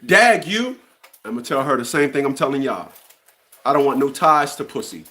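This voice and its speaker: A man's voice: medium pitch, fairly quick, a bit bright. A man in his fifties delivering a blunt, profane opinion rant, often stumbling and repeating words as he restarts. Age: 50s. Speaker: commentary channel host.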